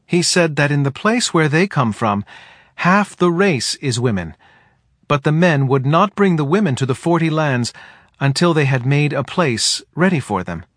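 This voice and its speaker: A man voicing a soft-spoken male forest being who talks in a quiet, hesitant, almost drowsy way. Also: on the high side, lively intonation, moderate pace, no room sound, clean studio sound, pitched above the performer's own voice. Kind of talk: audiobook character voice.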